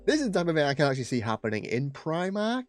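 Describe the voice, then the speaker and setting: A man's voice: on the high side, sing-song, fast talker. A man narrating online stories, with dry joking asides between them. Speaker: YouTube story narrator. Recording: dry close mic with faint music.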